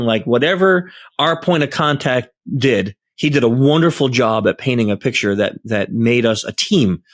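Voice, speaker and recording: A man's voice: mid-range voice, dry recording, studio quality. A man on a podcast telling a work story in casual chat, acting out the voices of people he quotes. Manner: animated, acts out quoted dialogue. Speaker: podcast host and security tester.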